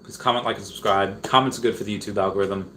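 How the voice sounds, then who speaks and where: A young man casually hosting a livestream, reading viewer comments in a relaxed, rambling way, with a sore throat from talking a long time. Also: on the low side, fast talker, a little hiss or hum. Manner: relaxed, rambling, frequent ums and restarts. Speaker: livestream host.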